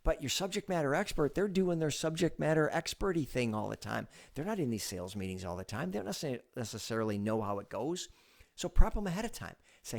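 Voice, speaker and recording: A man hosting a sales advice show, talking straight to the viewer in a conversational coaching way, acting out meeting lines with sudden loud bursts. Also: fairly high pitch, lively intonation, brisk, gravelly. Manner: conversational, coaching in second person. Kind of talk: direct-to-camera advice talk.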